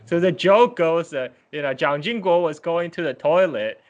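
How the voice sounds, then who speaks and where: A man's voice: a little high, animated, normal speed, highs cut off. A man hosting a podcast in casual conversation, chatty and laughing often as he talks. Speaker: podcast host.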